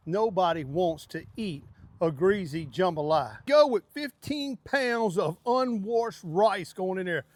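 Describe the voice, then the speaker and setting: A man hosting a casual outdoor cooking demonstration, talking in a hearty, excitable way with drawn-out exclamations. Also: high-pitched. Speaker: cooking show host.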